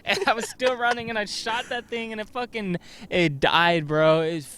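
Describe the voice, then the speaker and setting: A man's voice: high voice, animated, normal speed, pushed and bright, smooth. A young man hosting a podcast, telling rambling childhood stories in casual chat and swearing a lot. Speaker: podcast host.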